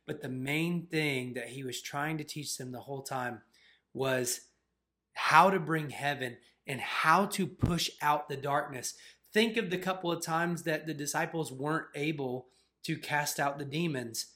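A man's voice: on the high side, unhurried. Chatty man retelling a faith story. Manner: animated, filler-heavy retelling with "like". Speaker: co-host of a faith channel. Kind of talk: casual storytelling chat.

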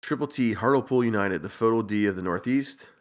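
A man hosting a casual podcast, reading a listener's list aloud with wry, deadpan asides and frequent chuckles. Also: lowish voice, a little fast. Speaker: podcast host.

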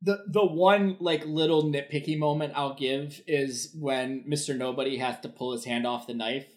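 Excitable guy on a movie podcast, swears a lot, stumbles over words. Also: fairly high pitch, normal speed. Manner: excitable, swears freely, stammers. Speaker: film podcast co-host. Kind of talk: casual film review chat.

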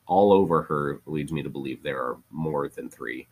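A man chatting casually with a wry, teasing, deliberate manner. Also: extremely low pitch, darkish tone. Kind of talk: casual chat.

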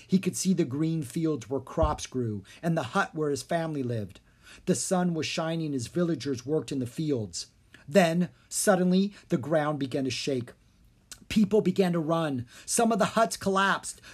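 A narrator reading a children's storybook aloud. The delivery is clear and expressive, with a medium-pitched voice. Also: moderate pace. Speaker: audiobook narrator.

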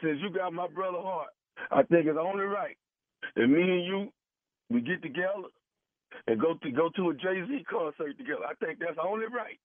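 A man's voice: fairly high pitch, lively intonation, moderate pace, dry recording. A man making a prank phone call on a radio show, persistent and pleading, repeating himself. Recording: tinny phone line, dry.

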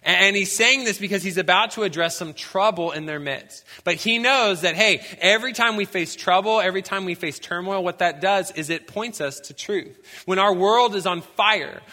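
A young man preaching a sermon as a pastor, telling lively stories and breaking into shouts to act out scenes. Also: high voice. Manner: animated storytelling, bursts into shouts when acting out scenes. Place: church sanctuary. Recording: long hall reverb.

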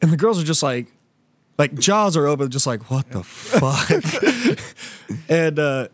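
A man's voice: on the high side, slow pace, no echo. Young guy on a podcast telling a wild story, voice jumping all over, dry close sound. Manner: animated, laughing, profane storytelling. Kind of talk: casual storytelling.

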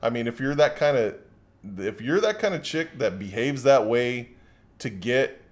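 A man in casual chat, telling a profane, animated story and acting out the voices of the people in it. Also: mid-range voice, normal speed.

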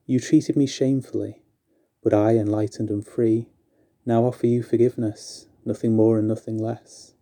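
A vengeful, self-righteous monk proclaims his terms in a pompous tone, as a man reading a rhyming story puts him on. The voice is low, dark and flat. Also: moderate pace, close to an everyday voice. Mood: proclaiming.

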